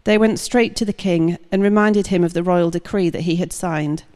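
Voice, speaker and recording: A woman reading a long scripture passage aloud at a steady, measured pace. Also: lowish voice, big-room sound. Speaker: scripture reader.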